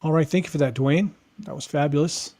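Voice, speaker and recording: Chatty Californian male host, bright-ish voice. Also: a little high, fairly quick, no echo. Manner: chatty, laughs easily, restarts a lot. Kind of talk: casual live-stream chat.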